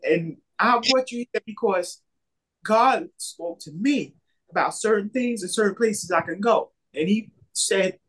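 A man with a husky, slightly rough voice tells a personal faith story in a loose, conversational way. He keeps repeating himself and acts out what others said as he goes. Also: high-pitched, a little slow, fairly bright tone. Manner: rambling, repetitive retelling with many quoted exchanges. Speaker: storyteller sharing a faith testimony. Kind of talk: casual spoken testimony.

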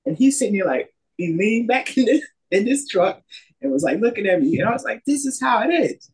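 A man's voice: high voice, animated, a little fast, a little mellow, slight background noise. A man casually recounting a personal faith story, rambling and repeating himself as he retells what people said. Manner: rambling, repetitive retelling with many quoted exchanges. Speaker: storyteller sharing a faith testimony. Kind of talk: casual spoken testimony.

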